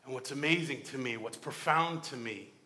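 A young man preaching a sermon with passion, moving between hushed and loud. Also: medium pitch, normal speed. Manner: impassioned, swinging from hushed to loud. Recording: long hall reverb.

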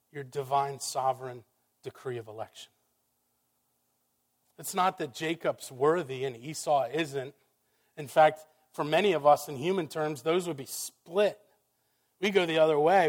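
A man preaching a sermon, emphatic, firing rhetorical questions and swinging from loud exclamations down to hushed, quiet passages. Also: fairly high pitch. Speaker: pastor.

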